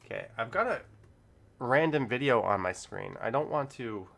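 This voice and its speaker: A middle-aged man talks loosely to his live-stream viewers. He rambles, chuckles, and drifts between topics. His voice sits at an ordinary pitch. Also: lively intonation, normal speed, gravelly, fairly bright tone. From Canada. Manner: rambling, easygoing, chuckles often. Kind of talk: casual live-stream chat.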